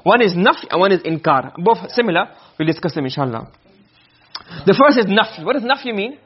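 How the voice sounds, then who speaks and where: A man's voice: high-pitched, big pitch swings, fairly quick, breathy edge, muffled recording. A man teaching a class, lecturing and explaining points by asking his students questions. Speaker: Arabic rhetoric teacher.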